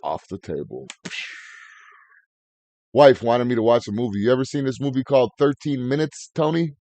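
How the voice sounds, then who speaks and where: A man's voice: mid-range voice, moderate pace, mellow, no room sound. A man hosting a podcast in casual, crude, rambling banter. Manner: profane, jokey, rambling. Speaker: podcast host.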